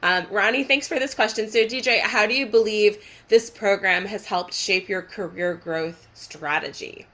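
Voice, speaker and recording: A woman's voice: mid-range voice, normal speed, hardly any pauses, a bit bright. A woman hosting an online info session in an upbeat, encouraging way. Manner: upbeat, encouraging, with many fillers. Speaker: session host. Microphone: video call.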